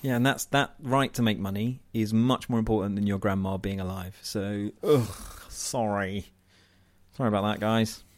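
Southern English man, low-ish voice, wry podcast co-host prone to rants. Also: fairly even intonation, normal speed. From southern England. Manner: wry, ranting, self-deprecating. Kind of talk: casual chat.

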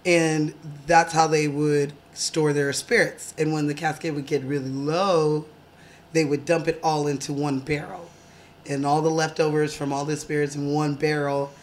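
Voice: mid-range voice, level tone, normal speed. A podcast co-host chatting casually, laughing often while telling a story with swearing. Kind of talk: casual chat.

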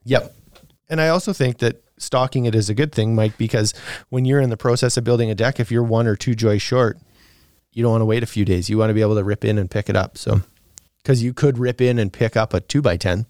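A man's voice: fairly low pitch, fairly quick, darkish tone, dry recording, studio quality. A man co-hosting a podcast, answering listener questions in a casual, rambling way with fillers and laughs.

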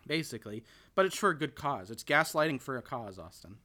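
Here the podcast host sounds very animated and a little fast, with a medium pitch and a sharp tone. He rambles through a film recap, restarting often, filling pauses, and quoting characters.

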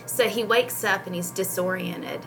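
A woman and homeschooling mom chatting casually on a podcast, retelling a picture book with animated storytelling and frequent laughs. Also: mid-range voice, normal speed, vocal fry, over music. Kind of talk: casual chat.

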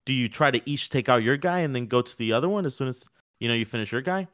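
A man co-hosting a podcast, talking in a rambling, animated, casual way with many fillers. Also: medium pitch, fast talker. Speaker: podcast co-host. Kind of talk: casual sports chat.

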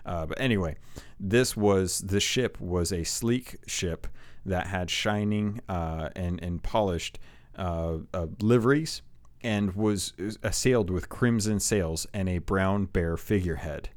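Excitable rambling man, lowish voice. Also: slow. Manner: rambling and excitable, with many restarts and fillers. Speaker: game lore video host. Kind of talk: excited casual commentary.

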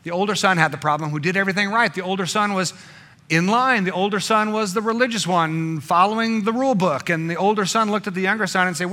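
A man preaching a sermon with a bright, forceful tone that sits a little higher than most men's. His delivery swings between emphatic, pressing passages and quiet, hushed ones. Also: brisk. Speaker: pastor.

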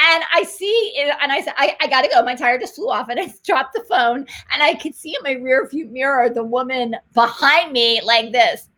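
High-voiced woman host telling an excited story. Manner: excited storytelling, laughs often, fast animated retelling. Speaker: talk show host. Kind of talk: faith talk show conversation.

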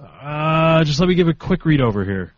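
A man's voice: a little high, lively intonation, normal speed, no room sound, lo-fi sound. A man in his twenties co-hosting a podcast, chatting casually, hesitant and self-deprecating. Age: 20s. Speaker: podcast co-host. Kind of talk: casual chat.

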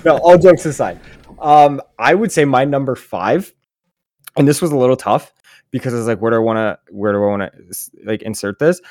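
A man's voice: medium pitch, a little fast, a little mellow. A man co-hosting a casual podcast, chatty and joking, rambling with many "like"s. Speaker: podcast co-host.

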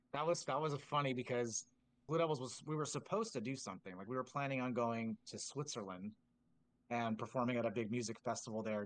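A man, a drumline instructor, telling stories casually on a podcast and acting out quoted dialogue with lots of filler words. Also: medium pitch. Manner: animated, acts out quoted dialogue in a raised voice.

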